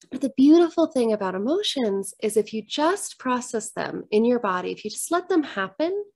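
A middle-aged woman speaks straight to the camera in an earnest, reflective way, her voice sitting a little high. She comes across as a coach sharing a personal moment, unhurried and gentle. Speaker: divorce coach. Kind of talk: candid talk to camera. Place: home room with books.

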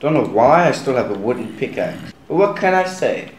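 A young man commentates his own gameplay in a loose, chatty way and keeps calling out to the guys watching. His voice sits at a middle pitch. It carries a roomy echo, and faint keyboard clicks run underneath. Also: big pitch swings, moderate pace, a little hiss or hum. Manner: chatty, talks to viewers as guys. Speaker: gaming channel host. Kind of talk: casual game commentary.

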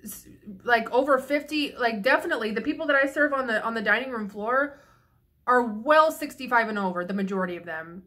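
A woman's voice: on the high side, expressive, fairly quick, pushed and bright. A young woman vlogging, venting frankly and profanely in a rambling casual monologue with frequent restarts, a little tipsy. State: slightly tipsy.

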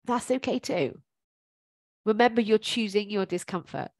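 A woman talks through advice like a life coach, in a friendly, encouraging way that keeps circling back with ums. Her voice sits at an ordinary middle pitch. The recording is close and dry, with no room sound. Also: moderate pace, dry recording. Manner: chatty and encouraging, thinks aloud with many ums. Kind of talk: informal coaching talk.

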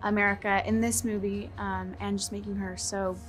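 A woman's voice: medium pitch, flat delivery, normal speed, faint music behind. A woman, an actress, talking in a press interview in an enthusiastic way, with many fillers. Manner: enthusiastic, lots of "you know" fillers.

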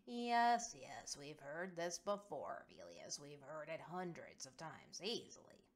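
A woman's voice: deep voice, sing-song, takes it slowly, a little hiss or hum, heavily acted. A woman voicing a playful, scheming female lieutenant with animal ears who talks in a teasing, mischievous way.

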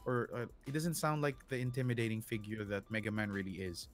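A man co-hosting a casual podcast about games, animated and joking, often acting out his own inner voice. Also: fairly low pitch, fast. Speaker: co-host.

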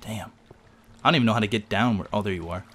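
A man chatting casually while playing a game with a friend, excitable and quick to yelp when startled. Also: noisy background. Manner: excitable, jumps high in pitch when startled. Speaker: gamer. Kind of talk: casual gaming commentary.

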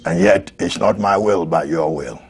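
A man preaching a sermon, swinging from shouted peaks to low murmurs and laughing often. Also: normal speed, slightly rough.

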